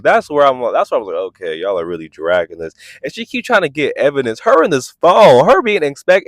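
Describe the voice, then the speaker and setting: A man hosting a casual vlog that reviews a reality show, talking in an animated, incredulous, sassy way. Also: fairly high pitch, no echo. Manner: animated, incredulous, sassy, keeps asking "are you serious". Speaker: reality TV reviewer, channel host.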